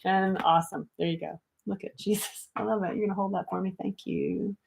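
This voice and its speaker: A woman's voice: mid-range voice, steady tone, a little fast, vocal fry, darkish tone. A middle-aged woman hosting a casual livestream, talking animatedly, swearing freely and reading out viewer comments. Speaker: livestream host.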